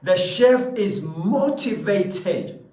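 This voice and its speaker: Emphatic high-voiced man in an echoey room. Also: big pitch swings, very slow, darkish tone, recorded from a distance. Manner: emphatic, repeats phrases, asks the audience questions. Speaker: motivational speaker. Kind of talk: motivational talk to a live audience.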